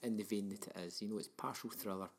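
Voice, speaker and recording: A man's voice: on the low side, fairly even intonation, fast talker. A man, co-hosting a casual film review chat and rambling through his memories with plenty of ums. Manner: rambling, lots of ums and likes. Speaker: podcast co-host.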